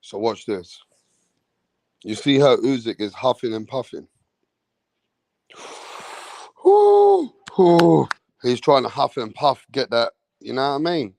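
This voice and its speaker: A man hosting a live-stream boxing breakdown, animated and mocking, with street slang and frequent swearing. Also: medium pitch, slow pace, vocal fry, long pauses, no room sound. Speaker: boxing commentator.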